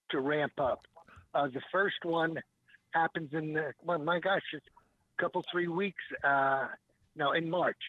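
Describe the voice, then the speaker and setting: A man, a guest who makes fishing lures, talking on a radio show in a rambling way with many pauses and restarts. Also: fairly high pitch, no room sound. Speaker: guest, small lure maker. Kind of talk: radio talk show call-in chat. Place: calling in by phone. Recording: tinny phone line.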